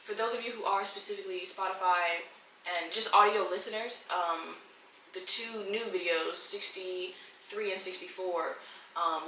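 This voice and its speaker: A woman hosts her solo podcast from home, talking in a loose, candid and profane way straight to her listeners. Her voice is bright and clear, picked up from a little way off the mic in an echoey room. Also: on the low side, distant mic, a little hiss or hum. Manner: candid, profane, emotional, addresses listeners as y'all. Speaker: podcast host. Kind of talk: casual solo podcast chat. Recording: roomy echo, slightly off-mic.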